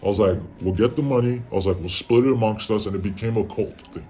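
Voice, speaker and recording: A man's voice: lowish voice, fast. A man telling a long, casual story. He swears a lot and quotes himself with "I was like". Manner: profane, tells stories with lots of "I was like" quoting. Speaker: guest telling his story. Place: parents' garage. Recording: dull lo-fi audio with faint background noise.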